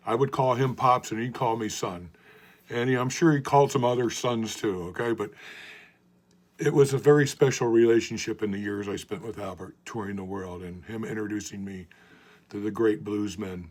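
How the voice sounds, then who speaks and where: Older male blues guitar teacher; earnest, heartfelt storyteller who drops soft at phrase ends. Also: lowish voice, normal speed. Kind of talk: talking guitar lesson to camera.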